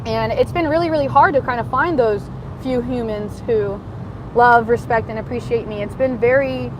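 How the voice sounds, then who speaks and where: A woman's voice: a little high, normal speed. Impassioned woman ranting from a noisy car. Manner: impassioned, swinging from shouting to muttering. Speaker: livestreaming vlogger. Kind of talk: rambling livestream rant while driving. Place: in a car in city traffic. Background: road and traffic noise.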